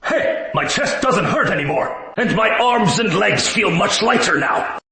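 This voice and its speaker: An actor voicing an older male clan elder and grateful father in a drama dub, talking slowly and with feeling. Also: high-pitched, animated, bright, forceful tone, echoey room, heavily acted, low-quality recording. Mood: moved. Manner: slow, emotional, exclaiming. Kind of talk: English dub of a short drama.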